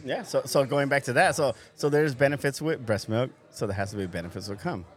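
A man co-hosting a podcast in casual chat, calmly steering the conversation with questions. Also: medium pitch, fairly quick. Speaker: podcast co-host.

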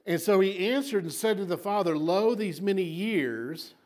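Guy preaching, kinda high voice, super dramatic storytelling, gets loud then real quiet. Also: expressive, normal speed. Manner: dramatic storytelling, repeats words for emphasis, swings between loud and soft. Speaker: pastor. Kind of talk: sermon.

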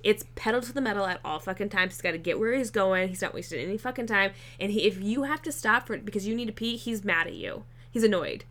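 A woman's voice: medium pitch, fast talker, few pauses. A woman co-hosting a casual chat, telling a road trip story with lots of swearing and filler words. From Nebraska. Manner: swears a lot, lively storytelling with frequent "like".

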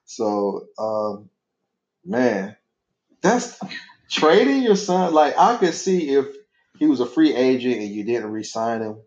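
He speaks in a mid-range, slightly mellow voice at a measured pace. This father and podcast host talks with his son in a loose, rambling, casual way, laughing easily, with echoey, dull lo-fi room sound.

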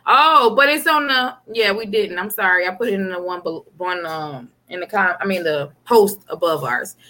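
A woman's voice: mid-range voice, normal speed, pushed and bright. Blunt, brassy woman co-host. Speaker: podcast co-host. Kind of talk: casual chat.

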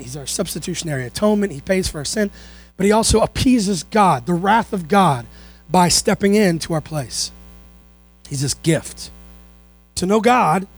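Male pastor, 30s, high voice, animated sermon delivery that plays out quoted voices, faint music and hum underneath. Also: poor audio. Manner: animated, acts out quoted people.

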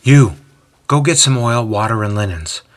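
Brief: fussing, bossy jailer's wife, put on by a male narrator, raised and husky, storybook. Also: lowish voice, animated, normal speed, a bit bright, exaggerated voice. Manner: bossy, exasperated questioning. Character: older woman, jailer's wife, brisk and fussing.

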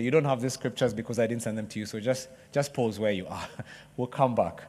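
A man preaching a sermon in a conversational way, joking with the congregation and bursting into excited cheering. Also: medium pitch, big-room sound.

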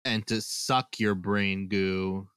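A man's voice: on the low side, steady tone, slow pace, fairly bright tone, smooth, no echo, studio quality. A man co-hosting a podcast in casual banter, jokey and laughing often. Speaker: podcast co-host.

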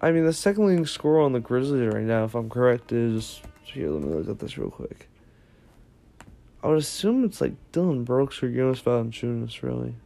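A man's voice: medium pitch, very animated, brisk, vocal fry, mellow. A young man, giving casual unscripted commentary in a vlog, rambling and correcting himself as he thinks aloud. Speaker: basketball ranking vlogger.

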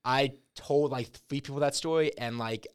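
A man's voice: medium pitch, moderate pace, smooth, dry recording, studio quality. Rambling young man telling absurd stories. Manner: rambling, absurd deadpan storytelling. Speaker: podcast co-host. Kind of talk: casual chat.

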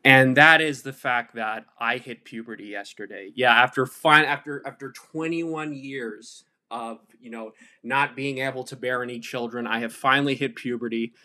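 A man's voice: mid-range voice, moderate pace, few pauses, pushed and bright. A man hosting a solo podcast, talking casually in an irreverent, profane, rambling way full of fillers. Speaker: podcast host.

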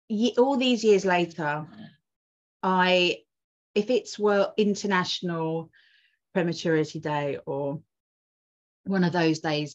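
Rambling woman telling an emotional story. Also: lowish voice. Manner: emotional, rambling with many restarts. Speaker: podcast guest, twin mum and doula. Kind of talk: casual conversational storytelling. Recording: dull lo-fi audio.

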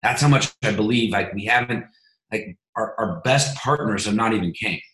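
A low-pitched man hosts a team coaching call with motivational energy. He stumbles over repeated words as he pushes his point. The sound is roomy, with a clear echo around him. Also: normal speed, a bit bright.

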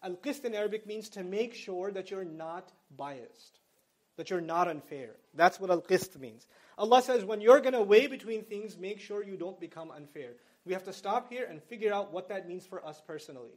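High-voiced man giving a casual lecture. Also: expressive, normal speed, a little mellow. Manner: conversational, explains terms in plain slang. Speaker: Islamic lecturer. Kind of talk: lecture to college students.

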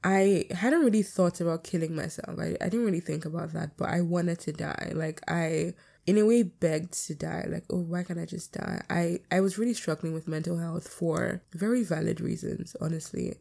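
A woman's voice: on the low side, normal speed, vocal fry, warm tone. A young adult woman hosting her own podcast, talking casually and bluntly about her life, swearing freely. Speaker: podcast host.

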